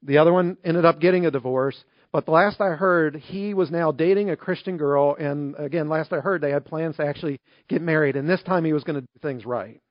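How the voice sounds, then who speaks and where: Storytelling male pastor, higher voice. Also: brisk, few pauses, no echo. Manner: conversational storytelling, animated in anecdotes. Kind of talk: sermon. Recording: dry, slightly dull recording.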